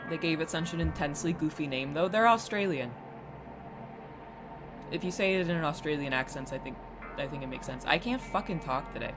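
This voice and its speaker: Streamer, casual gameplay chat; rambles, restarts, mid-range voice, game music clearly under it. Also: mid-range voice, fast talker. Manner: rambling, self-deprecating, often trailing off and restarting.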